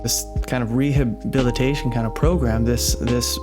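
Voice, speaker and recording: A man's voice: medium pitch, steady tone, normal speed. Male podcast host, emphatic reactions, repeats phrases, music playing behind him. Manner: emphatic, repeats phrases while searching for words. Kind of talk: reaction commentary.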